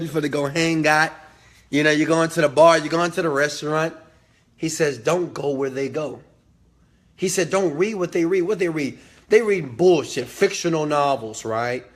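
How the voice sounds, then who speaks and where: A man with a slightly high voice gives a motivational talk. He is emphatic and preachy, hammers his points through repetition, and swears freely. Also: normal speed. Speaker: host.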